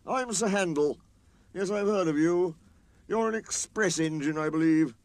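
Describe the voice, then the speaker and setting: A man's voice: high voice, a little slow, no echo, voice pushed up. A man voicing a haughty grumbling steam engine. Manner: haughty, complaining. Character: grumpy conceited male steam engine.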